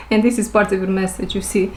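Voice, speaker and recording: A woman who speaks English as a second language, giving an intuitive spiritual reading to her viewers. She talks slowly, repeats her phrases and searches for words. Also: mid-range voice, echoey room. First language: not English. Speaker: intuitive reader.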